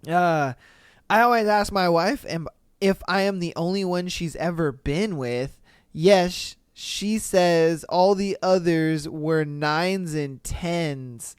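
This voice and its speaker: A man's voice: on the high side, slow pace, smooth, dry recording, studio quality. A man hosting a podcast, reading listener posts in casual, slangy commentary with laid-back, chuckling asides. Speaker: podcast host. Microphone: studio podcast mic.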